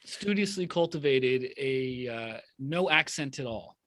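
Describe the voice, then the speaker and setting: Dry, measured male co-host. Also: mid-range voice, lively intonation, fairly bright tone, no echo. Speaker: podcast co-host. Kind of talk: casual podcast chat.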